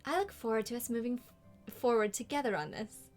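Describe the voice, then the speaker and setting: A woman's voice: a little high, a little fast, darkish tone, faint music behind, close to an everyday voice. A woman voicing a stiff, formal male animal councilman with a British accent in a video game. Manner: stiff and official. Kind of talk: game character voice acting.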